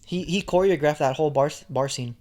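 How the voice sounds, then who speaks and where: Young man with a slightly higher voice. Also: brisk, a little mellow. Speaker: podcast co-host. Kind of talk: casual chat.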